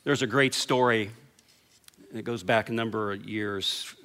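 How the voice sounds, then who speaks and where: A man preaching a sermon, retelling stories and dropping to a quiet hush on the key lines. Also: fairly low pitch, fairly even intonation, a little slow. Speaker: pastor.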